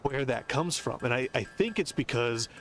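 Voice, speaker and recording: A man's voice: mid-range voice, animated, normal speed, soft background music. An American man streaming a game, rambling and musing as he explains things at length. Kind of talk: casual rambling commentary.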